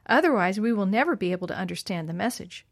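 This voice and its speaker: A woman's voice: mid-range voice, animated, fast, dry recording. Smart teasing storybook girl, read by a woman; close, dry recording. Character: clever teasing young girl.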